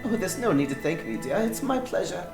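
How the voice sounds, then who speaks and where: A man's voice: high voice, very animated, fairly quick, voice pushed up. A man voicing a kindly older woman who fusses sweetly, in a roomy room with game music.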